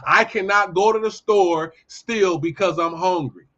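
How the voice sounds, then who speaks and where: A man hosting his own show, giving a heated, profane commentary monologue and telling animated stories. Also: sits high, measured pace, highs cut off. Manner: profane, ranting, animated storytelling. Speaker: podcast host.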